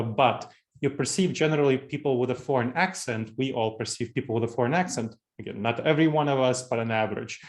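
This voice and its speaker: Moldovan-accented man giving a leadership talk. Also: medium pitch. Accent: Eastern European. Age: 40s. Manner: conversational, repeats key phrases for emphasis. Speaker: keynote speaker. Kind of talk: leadership presentation.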